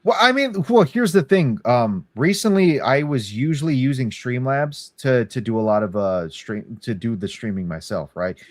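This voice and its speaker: A man's voice: mid-range voice, animated, moderate pace, hardly any pauses, dry recording. Rambling, cursing New guy. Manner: rambling, swearing, laughs often. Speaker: podcast co-host. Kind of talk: casual chat.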